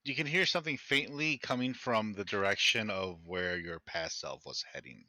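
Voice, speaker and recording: A man running a tabletop game as game master, narrating and speaking in character, often halting and repeating words as he thinks. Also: on the low side, pushed and bright, no echo, clean studio sound.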